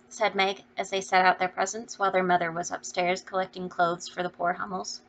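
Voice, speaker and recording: A woman reading a classic novel aloud as an audiobook, in a steady storytelling delivery. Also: on the low side, fairly quick, few pauses. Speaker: audiobook reader. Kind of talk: scripted narration. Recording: dull lo-fi recording.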